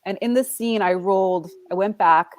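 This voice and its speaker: A woman in her forties with a Brooklyn accent, a guest actress telling animated, self-deprecating stories in a casual interview and acting out the quotes. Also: mid-range voice, moderate pace, dry recording. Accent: Brooklyn New York.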